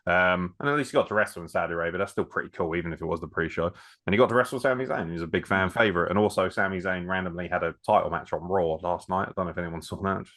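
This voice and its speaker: A man's voice: deep voice, rapid-fire, fairly bright tone. A man hosting a casual wrestling podcast, teasing his guests and swearing casually. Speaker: podcast host.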